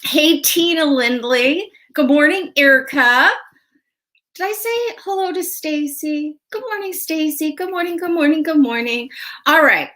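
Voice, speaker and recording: A woman's voice: sits high, unhurried, bright, forceful tone. A woman hosting a casual livestream tarot show, chatty and friendly with viewers, laughing often and a little stuffy from a sinus cold. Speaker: host and tarot reader.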